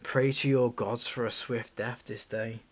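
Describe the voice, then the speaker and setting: A man reading the part of a stern Roman governor aloud from a screenplay, in a quiet, measured and threatening way. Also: mid-range voice, steady tone, natural voice. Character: stern male Roman governor, menacing and cold.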